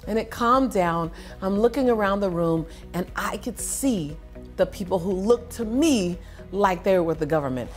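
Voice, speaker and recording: A middle-aged woman, a motivational speaker, telling a story in a lively way, laughing and acting out voices. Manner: lively, laughing, acts out voices with big pitch jumps. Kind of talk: animated storytelling.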